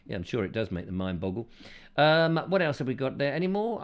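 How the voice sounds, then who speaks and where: A man's voice: mid-range voice, sing-song, moderate pace. A man hosting a casual live show, reading out viewer comments in a playful, rambling way full of jokes. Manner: playful and rambling, jokes and drifts into silly voices. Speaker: host.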